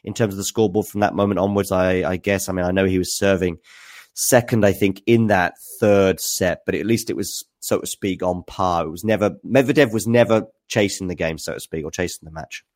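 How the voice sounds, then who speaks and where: Male tennis news host, lowish voice, chatty and hesitant on a live stream. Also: steady tone, brisk, a little mellow. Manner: chatty, hesitant, full of fillers. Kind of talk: live-stream commentary recap.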